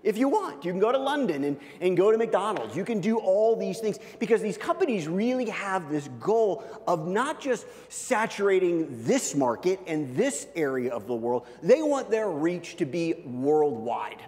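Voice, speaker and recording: A man in his thirties preaching a sermon, telling a personal story with lively, animated voice jumps. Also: high-pitched, moderate pace, few pauses. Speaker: pastor. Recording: long hall reverb.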